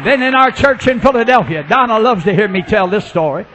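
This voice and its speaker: Fervent high-voiced shouting preacher. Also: male voice, lively intonation, fairly quick, some chatter behind. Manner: fervent, swings from low storytelling to shouting; acts out people in his stories. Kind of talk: revival sermon.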